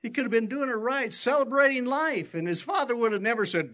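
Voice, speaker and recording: Animated older man preaching, bright high voice. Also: a little fast. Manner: animated storytelling, rising high for quoted voices. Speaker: pastor. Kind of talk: sermon.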